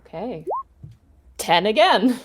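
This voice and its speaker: A woman's voice: mid-range voice, sing-song, takes it slowly, noisy background. A woman playing a tabletop game, chatty and eager. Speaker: player.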